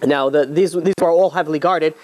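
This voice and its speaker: A man's voice: a little high, fairly even intonation, brisk, darkish tone. A man, a rabbi, telling a long story in a loose, conversational way, full of fillers and restarts. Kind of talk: storytelling talk.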